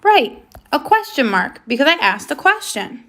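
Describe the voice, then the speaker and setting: A woman's voice: sits high, big pitch swings, moderate pace, pushed and bright. A woman teaching a first grade lesson on video, who asks the children questions, waits, and then confirms the answers patiently.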